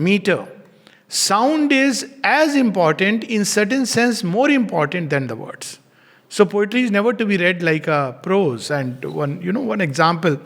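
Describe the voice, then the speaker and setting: A fairly high-pitched man gives a calm, reflective lecture. He speaks gently and deliberately, leaning on key words. His voice rings with a long reverb, as in a large hall. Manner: gentle, unhurried explaining, slows and stresses words. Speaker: spiritual teacher giving a talk.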